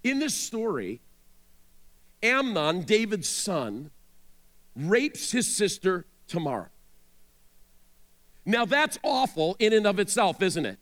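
A male pastor preaches in a high voice that swings up and down with strong animation. He tells the scripture story dramatically and breaks off now and then to speak straight to his listeners. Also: sing-song, takes it slowly, long pauses, a bit bright. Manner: dramatic storytelling, asides to the audience. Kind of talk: sermon.

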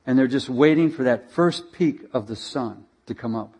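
Animated male preacher telling a story. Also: medium pitch, normal speed, breathy edge. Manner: animated, dramatic storyteller who directs slides. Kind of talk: sermon storytelling.

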